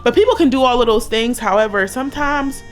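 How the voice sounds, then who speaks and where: A woman's voice: a little high, lively intonation, brisk, faint music behind. A woman in her thirties talking candidly and emotionally in a personal vlog, blunt and swearing often. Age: 30s. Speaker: vlogger.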